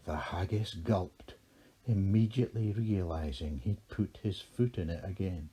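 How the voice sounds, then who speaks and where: A man narrating a children's storybook in a measured, expressive way. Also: low-pitched, husky.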